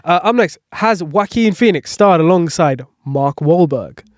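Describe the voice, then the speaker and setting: A man's voice: fairly high pitch, expressive, unhurried, no room sound. A man hosting a casual podcast, quizzing his co-host and reading clues with lots of fillers. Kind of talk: casual podcast quiz chat. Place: home, on a couch.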